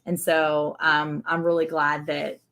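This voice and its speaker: A woman with a Southern US accent, co-hosting a casual ranch livestream, chatty and quick to laugh, reading out viewer comments. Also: deep voice, little pitch movement, fairly bright tone. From American South.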